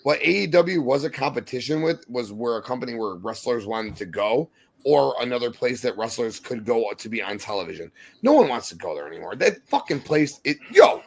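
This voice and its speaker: A young man co-hosting a podcast, ranting heatedly with profanity and yelling in exasperation. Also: medium pitch, very animated, brisk, vocal fry. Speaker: podcast co-host.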